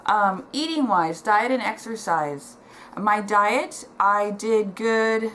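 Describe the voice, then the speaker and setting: A woman's voice: medium pitch, slow pace, a bit bright, a little hiss or hum, low-quality recording. A middle-aged woman vlogging from home, talking to the camera in a heartfelt, emotional way, with many ums and restarts. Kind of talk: casual chat to camera. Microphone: camera in front, reading notes below it.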